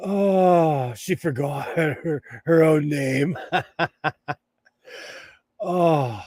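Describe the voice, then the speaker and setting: A man's voice: on the high side, very slow, long pauses, dry recording. A man hosting a casual sewing livestream, chatting, laughing often and reading viewer comments aloud. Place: home sewing room.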